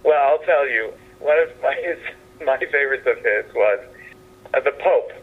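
A man calling in from a house as a guest on a radio interview, speaking at a middle pitch. His talk is halting and meandering, full of restarts. The sound is narrow and phone-like. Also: breathy edge. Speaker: playwright and actor guest. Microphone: telephone. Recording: tinny phone line.

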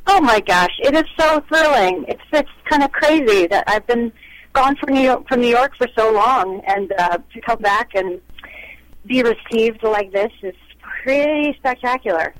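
A woman's voice: a little high, animated, normal speed, rough recording. A woman actress being interviewed, talking in a bubbly, chatty way over a remote line.

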